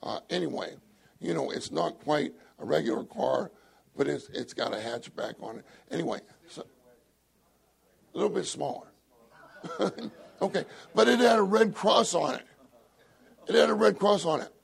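An older man with a husky, gravelly voice, telling a humorous story in a sermon and laughing often. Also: on the high side, measured pace, pauses often. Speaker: church speaker.

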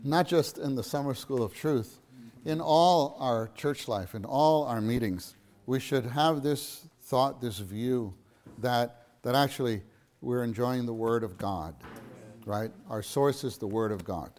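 A man's voice: mid-range voice, a little slow, a little mellow. Earnest middle-aged man teaching a church lesson. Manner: earnest, repeats phrases for emphasis. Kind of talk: church teaching talk to a gathering.

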